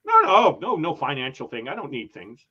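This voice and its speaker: A man's voice: medium pitch, very animated, fairly quick, pushed and bright, slightly rough, highs cut off. A man hosting a casual travel livestream, chatting and reading viewer comments aloud with frequent laughs. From Canada. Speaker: travel channel host.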